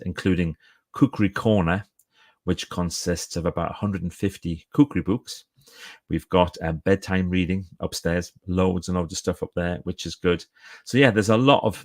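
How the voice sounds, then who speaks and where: A middle-aged man chatting enthusiastically on a live stream from his book-lined home office, often stopping and restarting his sentences. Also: sits low. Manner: chatty and enthusiastic, self-interrupting. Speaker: author and speaker. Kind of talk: casual live-stream chat. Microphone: phone or camera for a live stream.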